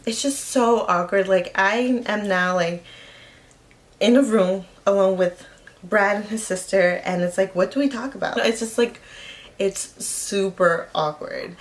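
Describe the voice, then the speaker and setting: A woman's voice: medium pitch, steady tone, unhurried. A woman telling a personal story in a casual vlog, rambling, with lots of "like" fillers. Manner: rambling, heavy use of "like" fillers. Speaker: vlogger.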